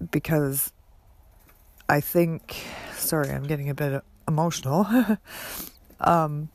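A woman hosting a podcast, speaking in an earnest, halting personal monologue with many pauses and fillers. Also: low voice, a little mellow, no echo. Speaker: podcast host.

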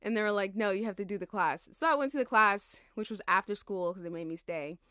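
A tired woman in her twenties talks through a loose, rambling monologue, slangy and quick to laugh at herself. Her voice sits at an ordinary middle pitch. It is recorded close up in a dry, dead room. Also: bright, forceful tone, clean tone, no room sound. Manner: chatty, laughs and digresses, slangy. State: tired, yawning. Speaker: podcast host.

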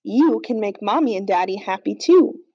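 A woman voicing a cheerful little ghost girl, high and bubbly, on a slightly dull, lo-fi recording. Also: animated, normal speed, mellow, no room sound. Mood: excited.

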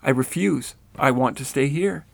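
A distraught woman in a spoken story pleads and protests, loud and a touch higher than the teller's usual voice, as a man reads her lines. The voice stays gravelly with fry underneath, at a middle pitch for a man. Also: moderate pace, no room sound. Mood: protesting. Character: woman refusing to return to her body.

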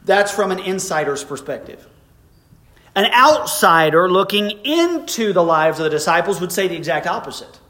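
A middle-aged man preaches a sermon, telling stories from the pulpit in a relaxed, conversational way. His voice sits a little on the high side. He builds to emphatic peaks when making a point. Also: normal speed. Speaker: pastor.

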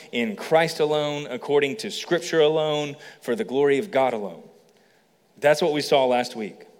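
A man preaching a sermon as a pastor, animated, building to emphatic passages and acting out quoted lines. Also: fairly high pitch. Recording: long reverb of a large hall.

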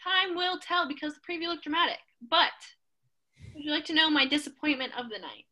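A woman co-hosting a podcast, recapping a TV show in an opinionated, animated casual chat. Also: sits high, brisk, low-quality recording. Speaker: podcast co-host.

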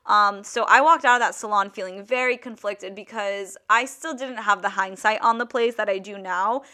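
A woman in her twenties hosting a podcast, telling a story in a casual, animated way with lots of "like". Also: medium pitch, normal speed. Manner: chatty, heavy use of "like", animated retelling. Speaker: podcast host.

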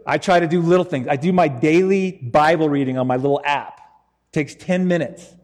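A man preaching a sermon in an animated, joking, conversational way. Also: a little high, a little fast, long reverb tail.

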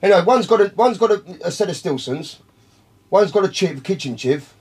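A man's voice: high-pitched, lively intonation, brisk, a little mellow, breathy edge. A man, telling a long, profane story in casual talk, rambling and calling his listeners by name. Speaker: podcast guest.

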